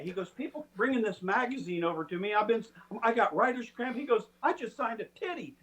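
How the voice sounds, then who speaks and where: A man with a high voice tells a story in a loose, chatty way. He puts on the voices of the people he quotes. He sounds middle-aged. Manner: animated, acts out quoted people. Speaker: storytelling guest. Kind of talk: casual storytelling.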